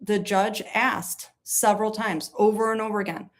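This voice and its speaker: A woman from New gives casual true-crime commentary, animated and sarcastic, rambling with many fillers. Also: mid-range voice, normal speed. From New York.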